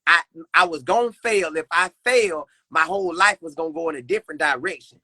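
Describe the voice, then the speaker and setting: Young man, podcast guest, high voice, very bright tone, dry close sound, earnest and repetitive. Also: a little fast, husky, dry recording. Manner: earnest, preacherly, repeats phrases. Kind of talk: casual faith conversation.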